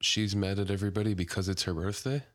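A man's voice: low-pitched, level tone, quick pace. A man co-hosting a casual podcast, reacting with short questions and laughter. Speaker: podcast co-host. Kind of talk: casual chat.

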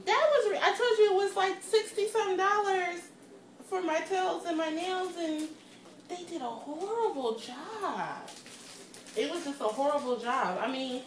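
A woman co-hosting a podcast from her kitchen, telling stories in a casual, animated way, laughing often and swearing freely. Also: very high voice, measured pace, roomy sound, distant mic, slight background noise. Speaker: podcast co-host. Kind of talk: casual storytelling chat. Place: home kitchen.

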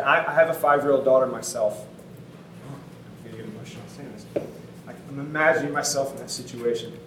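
Earnest pastor in a roomy hall. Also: male voice, on the high side, slight background noise. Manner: conversational, casual fillers, earnest. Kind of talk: storytelling sermon. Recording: roomy sound from a distant mic.

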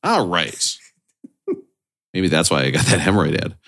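A man's voice: deep voice, very animated, moderate pace, gravelly, fairly bright tone. A man co-hosting a music podcast, joking and teasing in casual banter. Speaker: podcast co-host.

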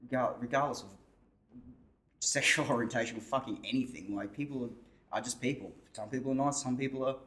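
An Australian man co-hosting a podcast talks through his views in a thoughtful, rambling casual chat, full of restarts and swearing. He has a medium-pitched, slightly bright voice and talks fast.

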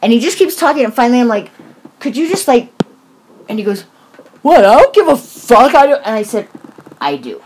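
A woman's voice: on the high side, fairly quick, pauses often, slight background noise. A woman in her forties telling a story in casual chat, swearing often and acting out what people said. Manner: animated, swears often, acts out quoted voices.

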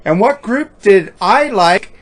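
A high-voiced man talks slowly in a casual chat. He keeps teasing his friend and laughs often. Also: animated, a bit bright. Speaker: podcast co-host.

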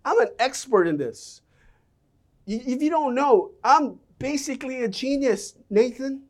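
A middle-aged man preaching a sermon as a pastor, a self-mocking storyteller who swings between loud outbursts and soft, low lines. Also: lively intonation, unhurried.

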